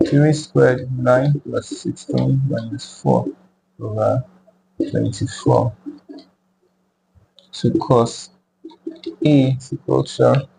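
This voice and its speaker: A man slowly working through a math tutorial step by step, repeating each number aloud as he goes. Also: mid-range voice, big pitch swings, gravelly, dark tone, a little hiss or hum, low-quality recording. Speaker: math teacher.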